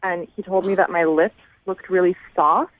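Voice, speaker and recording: A woman's voice: fairly low pitch, steady tone, moderate pace. A woman calling in to a radio show, casual and giggly, saying "like" a lot over a phone line. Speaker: caller.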